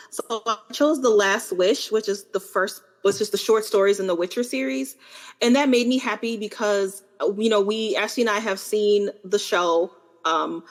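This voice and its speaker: A young woman co-hosts a book podcast in a relaxed, chatty way. She talks at a middle pitch and often laughs at her own stories. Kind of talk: casual book chat.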